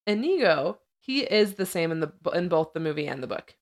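A woman's voice: fairly low pitch, sing-song, fairly quick. A woman co-hosting a podcast, casually recapping a film and sharing trivia with frequent laughs. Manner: chatty, laughs often, retells scenes and trivia. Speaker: podcast co-host.

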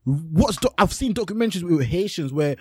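Animated man, lively pitch. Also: fairly quick, husky, dry recording, clean studio sound. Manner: animated, interrupting, slangy. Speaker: podcast co-host. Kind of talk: heated casual chat.

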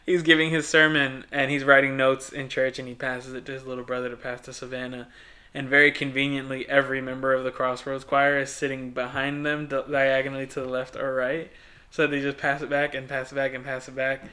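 A man's voice: medium pitch, flat delivery, a little fast, pushed and bright. A young man co-hosting a podcast, casually retelling a movie plot with lots of "like" and quoted lines. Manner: rambling, filler-heavy retelling with quoted voices. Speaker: podcast co-host. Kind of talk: casual movie recap chat.

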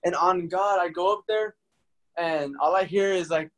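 A young man talks casually and tells his stories with plenty of swearing. His voice sits a little high for a man. He keeps the chat loose and lively among friends. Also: moderate pace, soft background music. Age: young adult. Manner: swears often, animated storytelling with laughs.

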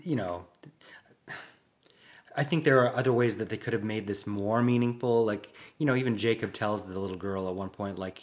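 A man's voice: on the low side, normal speed. A man co-hosting a casual film chat, chiming in with names and side comments. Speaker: co-host.

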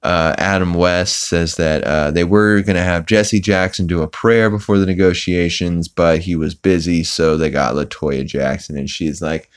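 A man's voice: deep voice, steady tone, moderate pace, hardly any pauses, clear, resonant tone. A man hosting a podcast who recaps a cartoon episode in a casual, rambling way, with lots of ums and restarts as he quotes scenes. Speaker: podcast host.

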